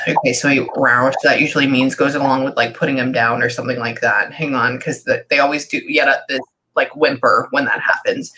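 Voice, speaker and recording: A woman pet psychic giving a casual reading, who talks haltingly and keeps pausing to say "hang on.". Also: rumbling low, pushed and bright, husky, rough recording.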